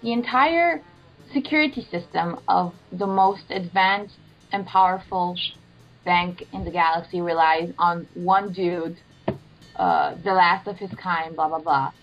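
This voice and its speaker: A woman co-hosting a casual podcast chat, sarcastic and quick to swear, laughing at her own jokes. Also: lowish voice, faint music behind. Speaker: podcast co-host. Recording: slightly dull lo-fi podcast audio.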